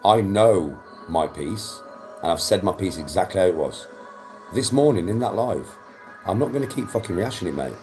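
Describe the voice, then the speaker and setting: Young man, low voice, lively ups and downs, mellow tone, blunt and defensive, faint music behind. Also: normal speed. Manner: blunt and defensive, swears often. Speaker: livestream host. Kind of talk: casual livestream chat.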